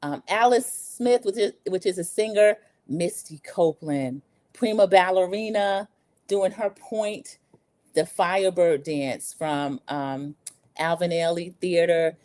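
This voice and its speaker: A woman's voice: fairly low pitch, slow pace, a little mellow. A middle-aged American woman hosting a livestream, chatting casually and bluntly about her opinions while reading viewer comments. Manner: blunt, opinionated, candid storytelling. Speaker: livestream host.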